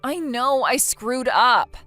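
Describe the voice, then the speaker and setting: Brief: woman voicing whiny, defensive young wife, text-story read, soft music behind. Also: sits high, lively intonation, slow, no echo, exaggerated voice. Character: self-pitying young wife who cheated.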